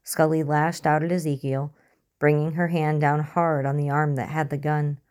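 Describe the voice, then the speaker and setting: A woman narrating a story in an even, measured reading style. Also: low voice. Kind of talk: audiobook reading of fiction.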